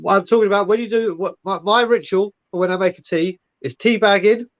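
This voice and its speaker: A man's voice: sits high, brisk, no echo, dull audio. A man hosting a casual chat who rambles, restarts his sentences and repeats words. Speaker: podcast host.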